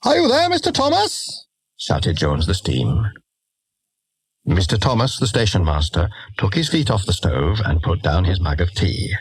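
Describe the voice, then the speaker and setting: A man reading a children's storybook aloud in an expressive, lively way. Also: low-pitched, a little slow, husky, dry recording. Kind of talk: storybook narration.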